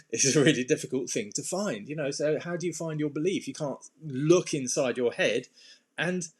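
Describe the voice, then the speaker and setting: A man's voice: on the high side, normal speed, slightly rough. Rambling man coaching on anxiety. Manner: rambling and informal, many fillers and restarts, sudden playful bursts. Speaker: anxiety and self-esteem coach. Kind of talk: casual talk to camera with slides.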